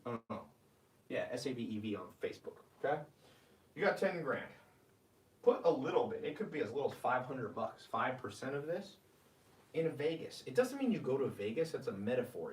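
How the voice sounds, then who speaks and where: Energetic man preaching money tips. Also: mid-range voice, echoey room, far from the mic. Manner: energetic, animated, preachy, reads viewer comments aloud. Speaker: host. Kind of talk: live-streamed money advice talk.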